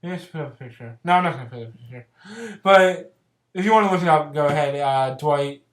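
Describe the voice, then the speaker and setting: Giggly rambling vlogger recapping a movie, lots of um and like, mid pitch, echoey room. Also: fast. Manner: rambling, filler-heavy, giggly. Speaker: vlogger reviewing films. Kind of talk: casual movie plot recap.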